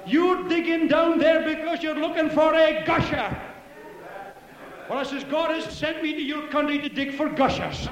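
A man preaching a fervent Pentecostal sermon, telling stories and shouting hallelujahs. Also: very high-pitched, fairly even intonation, normal speed, roomy sound, long reverb tail. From Scotland.

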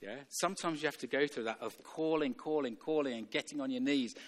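A man's voice: medium pitch, a little fast. A man preaching a sermon in a church, emphatic and repetitive, chuckling now and then between points. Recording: long reverb of a church hall.

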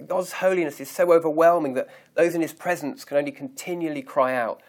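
A man preaching a sermon, reading scripture aloud slowly and deliberately and pausing to stress key words. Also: a little high, darkish tone. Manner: measured, emphatic reading of scripture.

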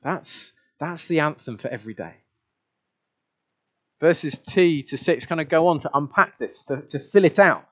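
A man's voice: a little high, expressive, normal speed, fairly bright tone. A man preaching a sermon in a conversational way, asking the congregation questions and sometimes repeating his words. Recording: dull lo-fi recording.

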